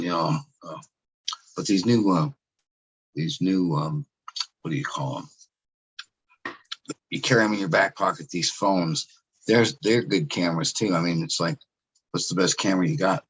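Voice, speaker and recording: A man with a very low, gravelly voice talks in a loose, rambling way as a podcast guest. His tone is hoarse and rough, with sarcastic asides and casual swearing. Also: fairly bright tone, low-quality recording. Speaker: podcast guest, cannabis photographer. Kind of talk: casual chat.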